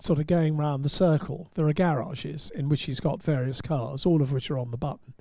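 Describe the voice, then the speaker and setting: A man's voice: on the high side, fairly even intonation, a little fast, darkish tone, no echo, studio quality. An English man, a motorsport journalist, telling wry, rambling anecdotes with restarts in casual podcast talk. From England.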